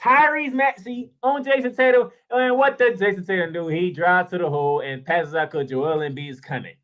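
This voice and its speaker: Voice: mid-range voice, moderate pace, dull audio. A sports show host delivering a heated solo rant, sarcastic and casual, firing off rhetorical questions and repeating points for emphasis.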